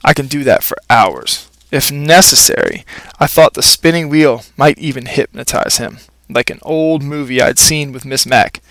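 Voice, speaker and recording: A man reading a children's storybook aloud in a playful, expressive first-person narration. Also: medium pitch, normal speed, no echo. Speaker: audiobook narrator.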